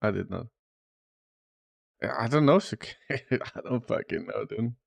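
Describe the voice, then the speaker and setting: A man's voice: lowish voice, lively intonation, takes it slowly, vocal fry, dry recording. A man live streaming and chatting casually about the news, loose and swearing, calling his viewers "dude" often. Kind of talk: casual chat.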